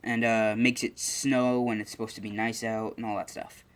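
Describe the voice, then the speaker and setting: A man's voice: on the low side, flat delivery, moderate pace, smooth. A young man casually making up and telling a fan-fiction story, rambling with lots of fillers and restarts.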